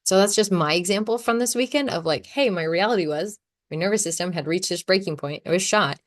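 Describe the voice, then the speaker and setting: A woman in her thirties hosting a casual solo podcast, talking in a chatty, animated way and laughing often. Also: fairly low pitch, brisk. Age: 30s. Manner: chatty, animated, acts out her own quotes. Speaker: podcast host.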